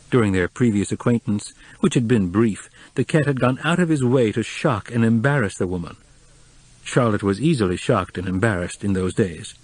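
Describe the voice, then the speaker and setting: A man narrating an audiobook in a measured, even storytelling voice. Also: on the low side, husky, dry recording.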